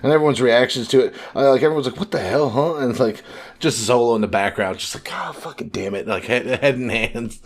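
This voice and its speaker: A man co-hosting a casual podcast, retelling story scenes and quickly paraphrasing the characters' lines. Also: medium pitch. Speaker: podcast co-host.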